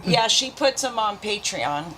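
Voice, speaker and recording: A woman's voice: mid-range voice, lively intonation, a little slow, a bit bright. A woman co-host chatting bluntly on a stream call, swearing freely, heard over noisy call audio. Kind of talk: casual chat.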